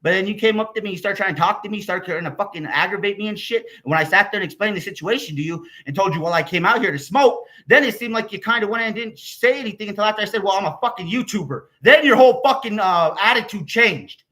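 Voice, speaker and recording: A man's voice: high voice, fast, hardly any pauses, bright, forceful tone. An American man ranting in a rambling, profane vlog, swearing constantly and getting heated. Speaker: YouTuber.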